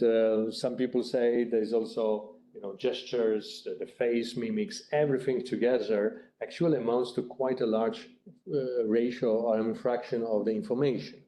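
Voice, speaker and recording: A man's voice: fairly low pitch, mellow, slight background noise, poor audio. A male lecturer giving a live lecture and taking questions, speaking hesitantly with many fillers and restarts. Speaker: university lecturer.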